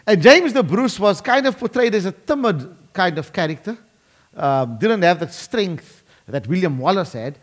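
A man preaching a sermon, emphatic and slowing down dramatically to drive points home. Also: high voice, big pitch swings. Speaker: pastor.

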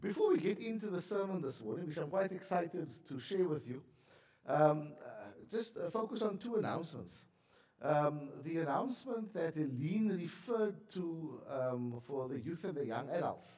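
A man gives church announcements from the pulpit, his voice sitting a touch high and catching with a frog in his throat. He talks in a chatty, self-deprecating way with plenty of ums and uhs. The room around him echoes. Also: lively intonation, moderate pace, a little mellow. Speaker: pastor. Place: church sanctuary.

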